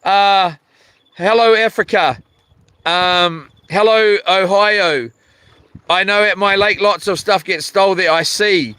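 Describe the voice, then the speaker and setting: A New Zealand man hosting a live stream from the seaside, reading out viewer comments and rambling between them. His voice sits high and comes through crisp and clear. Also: slow, pushed and bright, no echo. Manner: rambling, reads chat aloud with many fillers and restarts. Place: outdoors by the sea while fishing.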